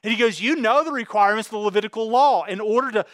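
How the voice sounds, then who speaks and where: A man preaching a sermon, reading scripture and voicing God's words with rising, animated intensity. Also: high voice, very fast, no room sound. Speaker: pastor.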